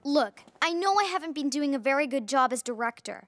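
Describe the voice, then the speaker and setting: A woman's voice: high-pitched, lively intonation, brisk, over loud music. A woman voicing an earnest teenage witch girl who directs the school play in a cartoon. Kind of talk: cartoon voice acting.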